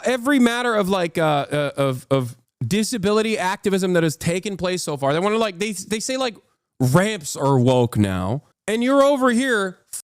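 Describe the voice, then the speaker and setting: A man in a heated live-stream rant, cursing freely and hammering his points with mounting anger. His voice sits a little high for a man and is captured close and dry, with no room sound at all. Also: no echo. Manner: heated, profane ranting. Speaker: political commentator and streamer.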